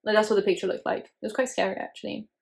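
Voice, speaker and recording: Young female vlogger, casual and opinionated, mid-pitched, talking over a film. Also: level tone, very fast, creaky. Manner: chatty, opinionated, lots of "like". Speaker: YouTuber host. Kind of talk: casual movie reaction commentary.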